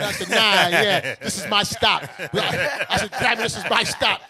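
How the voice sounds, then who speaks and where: A man's voice: sits high, fairly quick, few pauses. A man telling a story to studio friends in casual talk, acting out every voice in it. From Brooklyn. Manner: animated, acts out both sides of a story. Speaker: bishop, radio show host.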